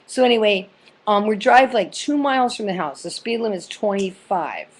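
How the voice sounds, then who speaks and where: A woman's voice: medium pitch, lively intonation, normal speed. Rambling, profane woman telling a story. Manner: rambling, profane, lots of fillers. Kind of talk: casual personal storytelling.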